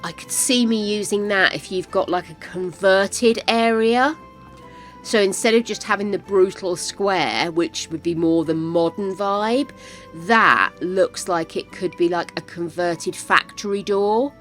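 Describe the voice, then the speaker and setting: Older female streamer, chatty and excitable, unhurried delivery, faint music behind. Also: mid-range voice. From United Kingdom. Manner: chatty, talks to viewers, easily excited. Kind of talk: casual live-stream chat while gaming.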